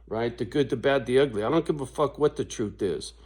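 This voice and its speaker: A man ranting in a casual vlog monologue, swearing constantly and laughing between his points, with sudden high-pitched outbursts. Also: darkish tone. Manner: slow, drawn-out delivery with big pitch swings. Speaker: vlogger.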